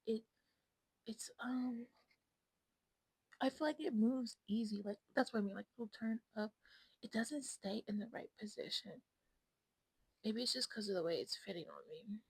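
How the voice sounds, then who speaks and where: A woman with a fairly high, breathy, husky voice chats casually to her viewers. She rambles and speaks bluntly, sliding into whispers now and then. The sound is dry and close, with no room echo. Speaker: vlogger. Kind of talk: casual chat to camera.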